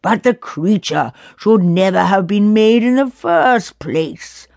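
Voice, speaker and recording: A woman's voice: on the low side, slow, gravelly, a little mellow, no echo, heavily acted. A woman voicing a stern, doubtful elder of a magic council who speaks stubbornly and scornfully. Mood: argumentative.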